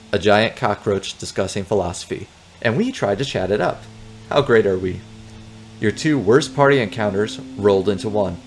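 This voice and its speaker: A man's voice: fairly low pitch, expressive, moderate pace, slight background noise. A man reading a text adventure game aloud, with playful joking asides. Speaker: game narrator.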